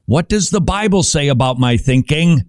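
A man's voice: moderate pace, no echo, studio quality. A man preaching a sermon in a conversational, emphatic way, asking rhetorical questions and acting out examples. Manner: animated, emphatic, shifts pace and pitch for effect.

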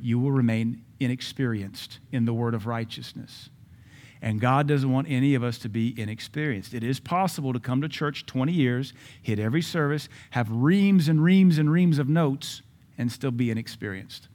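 A man's voice: medium pitch, normal speed, darkish tone. A man preaching a sermon as pastor at a church service, emphatic and repeating key phrases.

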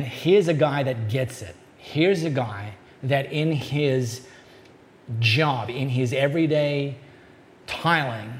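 A man preaching a sermon as a pastor, in a conversational way, slowing down to stress key points. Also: medium pitch.

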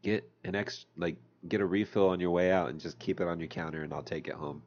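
A man's voice: low-pitched, quick pace, a little mellow. A man in casual chat, bantering in a laid-back, slangy way. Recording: muffled lo-fi recording.

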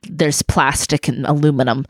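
A woman's voice: deep voice, steady tone, moderate pace, no echo. A young woman co-hosting a podcast in casual chat, jokey and playful, spinning out silly bits. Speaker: podcast co-host.

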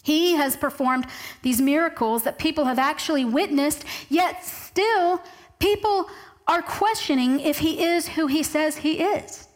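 A woman with a high voice delivers a sermon to a congregation. She reads scripture aloud and slows down to stress key words. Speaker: preacher.

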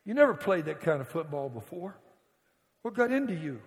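A male pastor preaches to his congregation in a fairly high voice. He tells his story with dramatic swings, dropping to a hush and rising to a shout. His voice rings out with a long reverb through the church sanctuary. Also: very animated, normal speed. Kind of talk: sermon.

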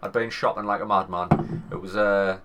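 A man in his thirties with a Northern English accent, co-hosting a podcast and telling a swearing, animated anecdote with quoted voices. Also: on the low side, normal speed, background noise. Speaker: podcast co-host. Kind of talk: casual storytelling chat.

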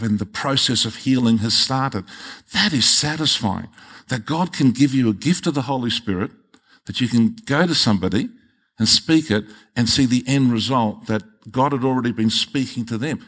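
A man's voice: mid-range voice, brisk, fairly bright tone. An older male pastor preaching a sermon in an impassioned way, his voice often rising sharply, with frequent stammered restarts.

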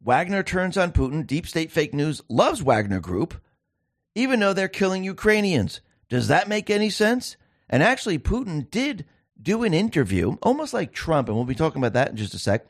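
A man's voice: a little high, sing-song, moderate pace, no room sound, clean studio sound. A man hosting a political commentary monologue, talking emphatically and firing off rhetorical questions. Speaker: show host.

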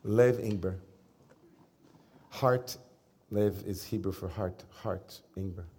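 Conversational rabbi giving a sermon. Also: male voice, low-pitched, dark tone, slight background noise. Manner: conversational, humorous, with pauses and fillers. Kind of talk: sermon with personal storytelling. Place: synagogue service before a congregation.

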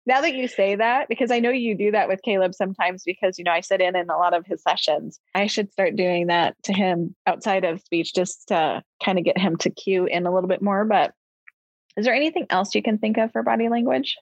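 Woman in her forties, casual podcast host, chatty, animated storyteller, dry close sound, a bit dull and muffled. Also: mid-range voice, brisk, no echo. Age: 40s. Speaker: host, parent.

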